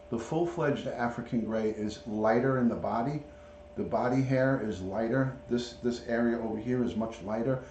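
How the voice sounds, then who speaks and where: A middle-aged man with a mellow, relaxed voice talks casually on a livestream, greeting viewers by name as he chats. He sounds like he is at home in an echoey room, with a faint hum of room ambience behind him. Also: mid-range voice. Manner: chatty, talks to viewers and reads out chat names. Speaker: retired police detective, livestream host. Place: at home, showing a pet parrot.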